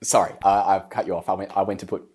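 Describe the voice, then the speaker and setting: A man's voice: sits low, flat delivery, quick pace, darkish tone. A man hosting a podcast who asks questions casually and apologizes for cutting in. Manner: casual, apologetic when interrupting. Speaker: podcast host.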